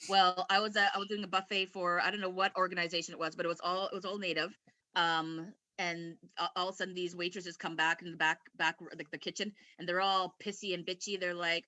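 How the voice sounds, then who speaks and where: A woman's voice: on the low side, level tone, a little fast, pushed and bright, dry recording. A woman from Canada telling personal stories in a rambling, candid way, often laughing as she talks. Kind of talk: casual personal storytelling.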